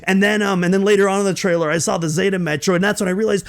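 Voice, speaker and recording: A young man hosting a podcast, telling a personal story in an excitable way, with many restarts and fillers. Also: high-pitched, quick pace, few pauses. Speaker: podcast host.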